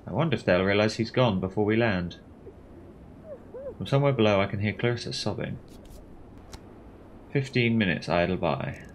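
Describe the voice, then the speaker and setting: Brief: low-voiced man narrating a text game, animated and wry, faint hiss behind. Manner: wry, expressive reading. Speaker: streamer. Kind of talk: reading a text game aloud.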